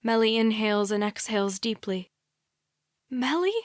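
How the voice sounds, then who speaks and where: A woman narrating a young adult thriller audiobook in a quiet, measured first-person reading. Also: medium pitch, flat delivery, smooth, no room sound, studio quality. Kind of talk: scripted narration.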